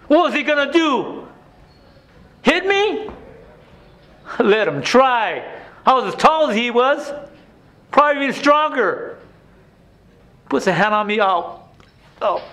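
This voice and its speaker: A man performs a haunted former inmate reliving his past in a stage monologue. The voice sits high, drops to hushed confessions and then breaks into raw shouting. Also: sing-song, slow pace, long pauses, heavily acted. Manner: emotional, swings from hushed to shouting. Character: grown man, former abused son, intense and haunted. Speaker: stage actor playing an inmate.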